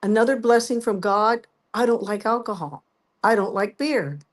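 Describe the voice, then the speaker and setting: A woman's voice: medium pitch, moderate pace. A woman guest telling her story in a casual interview, acting out both sides of the conversations. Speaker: guest singer.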